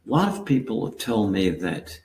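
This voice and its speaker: A man speaking on a panel in a halting way, trailing off mid-thought. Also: lowish voice, very animated, darkish tone. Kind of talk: panel discussion. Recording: echoey room.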